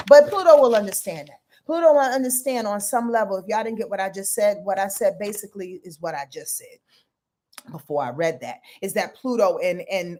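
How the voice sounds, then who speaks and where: Emphatic, swearing woman astrologer. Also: a little high. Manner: animated, emphatic, profane, talks to viewers directly. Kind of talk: casual astrology forecast livestream.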